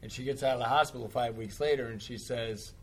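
A man's voice: mid-range voice, fairly even intonation, quick pace, breathy edge. Wry middle-aged man telling stories. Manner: wry, anecdotal, laughs often. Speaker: guest in recovery. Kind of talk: casual chat, storytelling.

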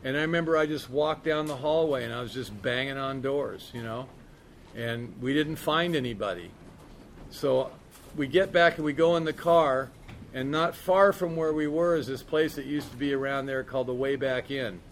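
A man's voice: mid-range voice, moderate pace, slight background noise. A middle-aged man sharing a recovery story in a candid, rambling way, with lots of "man" and "you know". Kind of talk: storytelling talk.

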